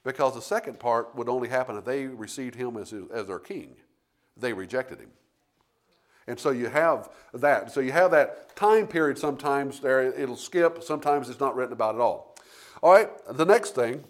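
A man's voice: mid-range voice, lively intonation, normal speed. A man preaching a sermon, rambling through restarts and then building to emphatic points.

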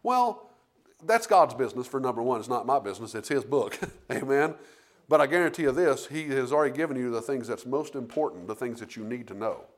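A man's voice: mid-range voice, expressive, fairly quick. A man preaching a sermon, rambling through restarts and then building to emphatic points.

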